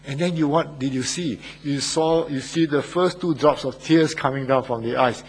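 A man's voice: mid-range voice, moderate pace, slight background noise. A man preaching a sermon, emphatic, often putting rhetorical questions to his listeners.

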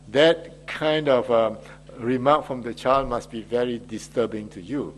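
A man preaching a Father's Day sermon as pastor, in a measured delivery with frequent hesitations. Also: mid-range voice, a little hiss or hum.

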